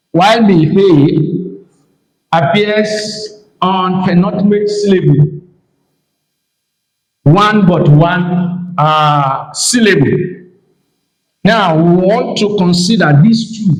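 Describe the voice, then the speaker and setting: A man with a fairly high voice gives a slow, measured lecture on Hebrew grammar. He repeats each key term and pauses often between phrases. The room around him is noticeably echoey. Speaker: pastor teaching Hebrew.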